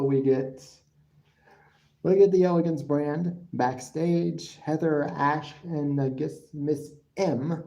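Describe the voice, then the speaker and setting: A man's voice: on the high side, fairly even intonation, takes it slowly, vocal fry, warm tone, muffled recording. A man hosting a live-stream podcast, recapping casually in a rambling way and often repeating himself. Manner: rambling, restarts and repeats words, breaks off to answer chat. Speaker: podcast host.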